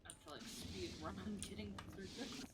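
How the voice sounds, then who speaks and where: A woman's voice: mid-range voice, moderate pace. A woman streamer chatting playfully while gaming, laughing often. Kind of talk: casual gameplay chat. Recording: clear noise behind.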